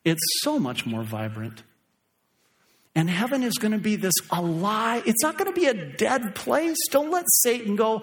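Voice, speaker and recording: A middle-aged man preaching a sermon as pastor, animated and acting out voices for emphasis. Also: high voice, moderate pace.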